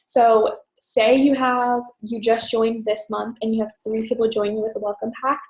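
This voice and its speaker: A young woman team leader giving a fast, chatty, upbeat orientation talk full of "um" and "you guys". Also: a little high, little pitch movement, a little mellow. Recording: echoey room.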